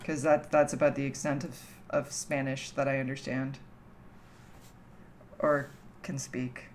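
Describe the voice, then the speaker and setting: A woman's voice: rumbling low, level tone, measured pace, a little hiss or hum. A young woman from Canada chatting casually with her livestream chat from home, teasing and laughing often. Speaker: streamer.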